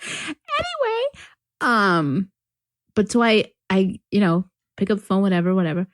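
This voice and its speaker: A woman's voice: mid-range voice, very animated, unhurried, no echo, clean studio sound. A young woman from North Carolina co-hosting a podcast, telling a long, filler-heavy story in casual chat and laughing often. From North Carolina, USA. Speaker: podcast co-host.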